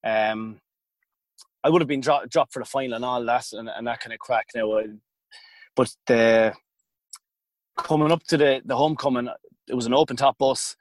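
A man's voice: medium pitch, normal speed, long pauses, no room sound. Chatty Irish man, dry close sound. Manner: rambling, self-interrupting, colloquial. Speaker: podcast guest, former hurler. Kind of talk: casual storytelling.

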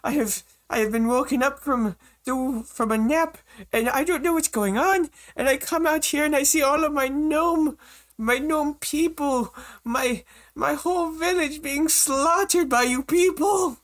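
A man's voice: a little slow, a bit bright. A man voicing a small, flustered gnome mayor who is outraged by the killing in his village. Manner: shrill, outraged, exclaiming.

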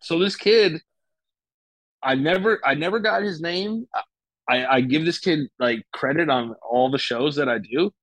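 A man's voice: a little high, measured pace, fairly bright tone, dry recording, low-quality recording. A young man telling a personal story in casual chat, with loose, profane talk full of fillers and restarts. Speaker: guest.

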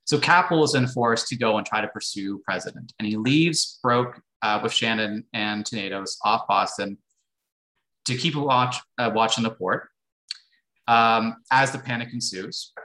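A man's voice: fairly low pitch, normal speed, bright, forceful tone, rough recording. A man, a guest historian and author, explaining history conversationally with many fillers and restarts.

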